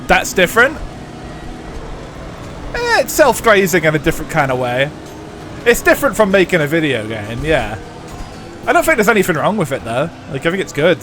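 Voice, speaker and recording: Live-streaming a racing game, this young man talks casually with his viewers, rambling along with swearing and frequent fillers. His fairly high voice swings widely in pitch at a moderate pace, broken by long pauses, with music in the background.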